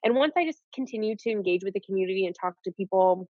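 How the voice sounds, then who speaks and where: A young woman and nurse, telling her story in a casual, animated way and saying "like" often. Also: medium pitch, fast talker, dry recording. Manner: animated, peppers speech with "like". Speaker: nurse guest. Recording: dull lo-fi audio.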